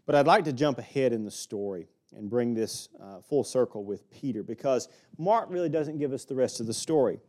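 Male preacher with an Alabama accent, folksy expository sermon, mid pitch. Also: lively intonation, brisk, darkish tone. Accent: Southern US (Alabama). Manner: folksy, with small jokes and laughs. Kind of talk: sermon, expository Bible teaching.

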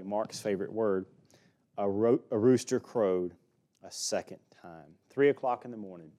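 A man's voice: fairly low pitch, mellow. Folksy Alabama preacher, man. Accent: Southern US (Alabama). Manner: folksy, with small jokes and laughs. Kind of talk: sermon, expository Bible teaching.

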